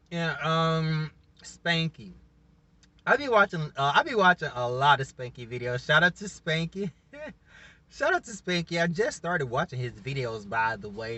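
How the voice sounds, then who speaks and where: A man's voice: fairly high pitch, bright, forceful tone, no echo, muffled recording. A man casually reviewing a reality show on his vlog, rambling, laughing often and openly emotional.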